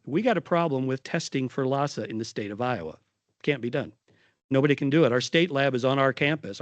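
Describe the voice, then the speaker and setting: Middle-aged male nurse leader at a podium, animated anecdote, dry mic. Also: medium pitch, no room sound. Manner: animated storytelling with voiced quotes. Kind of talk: conference talk.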